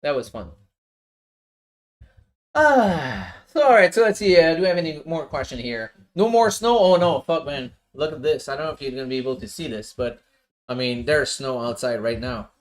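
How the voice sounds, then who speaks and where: A man hosting a casual livestream from his home office, telling a lively story and swearing freely. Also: fairly high pitch, moderate pace. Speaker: livestream host.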